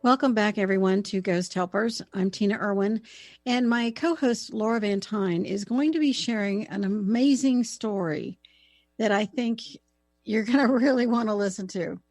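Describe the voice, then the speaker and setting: A woman's voice: medium pitch, moderate pace, dry recording, studio quality. A woman hosting a radio talk show, encouraging her co-host as she tells a story. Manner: warm, encouraging interviewer.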